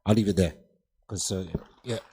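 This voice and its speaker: A man's voice: sits low, fairly even intonation, moderate pace, mellow, slight background noise. A man speaking on a festival panel, emphatic, often repeating words and checking whether the audience follows. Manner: emphatic, repeats words, asks "does that make sense?". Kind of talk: panel discussion talk. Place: festival hall. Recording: long hall reverb.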